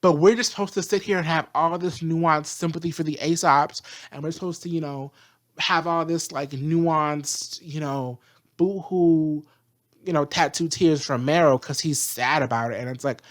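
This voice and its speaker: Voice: mid-range voice, steady tone, moderate pace, a bit bright. Casual reviewer, heated and profane, keeps circling back to the same rhetorical questions. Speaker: show reviewer.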